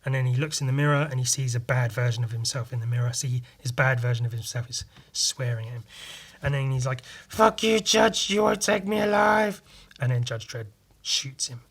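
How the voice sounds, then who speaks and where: A young man talks casually on his podcast in an ordinary mid-range voice, loose and rambling. He hesitates often with ums and acts out scenes with quick sound effects. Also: mid-range voice, flat delivery, slightly rough. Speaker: podcast host. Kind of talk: casual chat about his own artwork.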